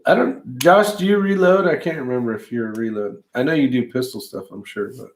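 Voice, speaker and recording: A man's voice: medium pitch, brisk. A man co-hosting a casual podcast, joking and teasing his co-host. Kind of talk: casual chat.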